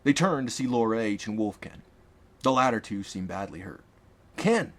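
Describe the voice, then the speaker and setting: A man narrating his own fantasy audiobook in an expressive, dramatic reading. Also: lowish voice, a little fast. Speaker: author and narrator.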